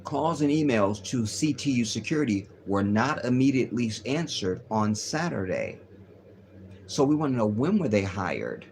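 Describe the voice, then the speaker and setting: A man's voice: mid-range voice, big pitch swings, moderate pace, gravelly, a little mellow, slight background noise. A man hosting a casual livestream, reading news aloud and riffing on it in a rambling, profane way. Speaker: livestream host.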